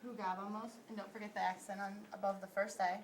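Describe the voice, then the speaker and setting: A young woman slowly reciting Spanish verb conjugations for a school presentation. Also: mid-range voice, little pitch movement. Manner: slow careful recitation of verb forms. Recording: distant mic with faint hiss.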